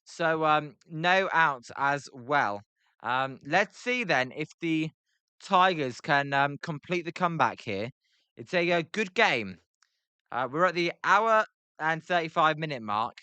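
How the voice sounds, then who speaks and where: A British man streams live baseball play-by-play from his computer, reading viewer chat between pitches. His bright, crisp voice sits slightly high, and his loose, scattered delivery is expressive and unhurried, packed with filler ums and self-deprecating jokes. The recording is dry and close with no echo.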